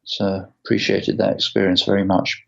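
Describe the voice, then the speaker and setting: Low, gravelly-voiced man in his sixties. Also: flat delivery, lo-fi sound. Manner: halting, with many restarts and asides. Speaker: guitarist guest. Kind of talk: casual interview storytelling.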